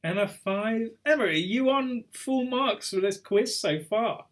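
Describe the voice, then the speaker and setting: A man's voice: sits high, expressive, unhurried. A man hosting a casual online pub quiz over a video call, chatty and teasing as he reads out scores. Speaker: quiz host.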